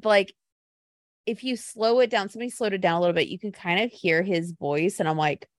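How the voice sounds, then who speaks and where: A woman's voice: medium pitch, fairly quick, dry recording, studio quality. Chatty woman gushing about wrestling. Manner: animated, gushing storyteller. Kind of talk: casual chat.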